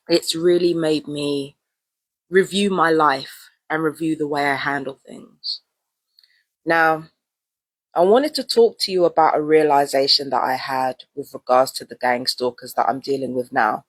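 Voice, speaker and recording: A woman's voice: low voice, steady tone, measured pace, fairly bright tone, no room sound. A woman talking casually and at length in a vlog, often repeating herself and using slang. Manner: rambling and repetitive, casual slang. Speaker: vlogger. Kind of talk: casual monologue to camera.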